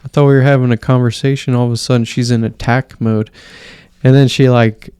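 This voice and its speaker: A man's voice: medium pitch, little pitch movement, brisk, dark tone, clear, resonant tone, no room sound, clean studio sound. A man hosting a casual solo podcast, rambling and swearing in an offhand way. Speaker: podcast host.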